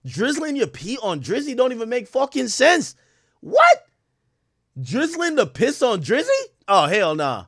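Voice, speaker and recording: A young adult man hosting a stream on a close, dry microphone. His voice sits high and bright, and he swings it up and down with loud, profane reactions and frequent laughter. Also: sing-song, moderate pace, few pauses, slightly rough, no room sound. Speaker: streamer host. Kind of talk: casual commentary on a live stream.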